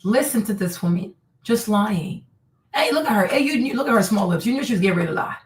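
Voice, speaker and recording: A woman hosting a live stream, reacting to video clips in an animated, mocking way and tossing in Spanish words. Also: medium pitch, fast talker, slight background noise. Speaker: streamer host. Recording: roomy, distant from mic.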